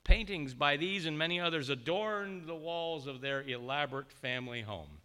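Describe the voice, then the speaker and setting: A man's voice: a little high, animated, moderate pace, pushed and bright, smooth. A man preaching a sermon, telling a story with feeling and briefly voicing the characters.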